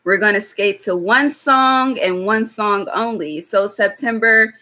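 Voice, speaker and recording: A woman's voice: medium pitch, a little slow, pushed and bright. A young woman giving a casual live-stream tarot reading, blunt and swearing freely, often checking in with "okay?". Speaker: tarot reader.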